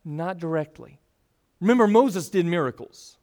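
A man's voice: sits high, lively intonation, moderate pace, a little mellow. A man preaching a sermon, teaching earnestly with rising and falling emphasis.

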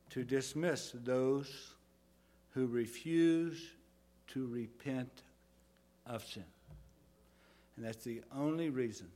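A male pastor preaching a sermon, dropping to soft low phrases and rising to loud emphatic ones.

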